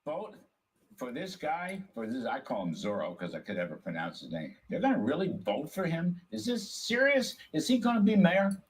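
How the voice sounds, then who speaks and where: A man's voice: a little high, huge pitch swings, moderate pace, darkish tone, recorded from a distance. A male talk radio host leading a discussion, asking incredulous questions.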